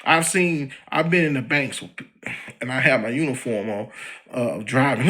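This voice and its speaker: A podcast host with a medium-pitched voice and a moderate pace delivers a heated commentary monologue. Animated and full of slang, he speaks directly to a celebrity he's taking aim at.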